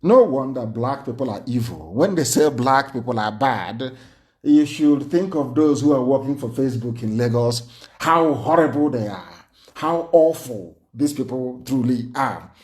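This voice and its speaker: A man's voice: mid-range voice, lively intonation, measured pace, a little mellow. A man giving an impassioned, indignant livestreamed speech full of rhetorical questions. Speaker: political speaker.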